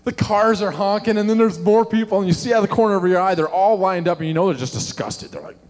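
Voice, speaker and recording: A middle-aged man, a pastor preaching a sermon and telling animated stories with questions to the congregation. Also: high-pitched, fast. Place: church sanctuary. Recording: long hall reverb.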